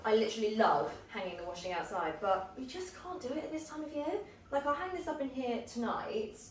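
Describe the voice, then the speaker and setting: A woman's voice: fairly high pitch, expressive, fairly quick. Chatty woman, distant mic. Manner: chatty, upbeat, many fillers. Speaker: vlogger. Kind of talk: casual chat to camera. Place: home, indoors. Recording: camera mic from a distance, faint ambient noise.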